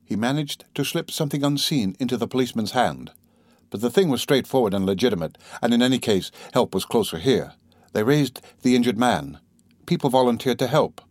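A man reading a classic novel aloud in a measured, even storytelling manner on a close mic. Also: medium pitch, no room sound. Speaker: audiobook narrator. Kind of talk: scripted narration of a classic novel.

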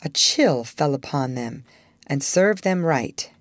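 Low, lively-toned woman narrating a storybook. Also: slow pace, dry recording, studio quality. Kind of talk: audiobook narration.

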